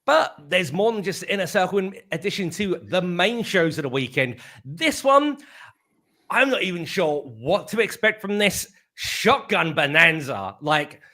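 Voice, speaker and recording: An upbeat man hosts a casual preview chat over a video call. His voice is bright and forceful, and it sits a little high. He talks in a chatty, easygoing way. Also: lively intonation. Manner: upbeat, chatty, quick to laugh. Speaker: host.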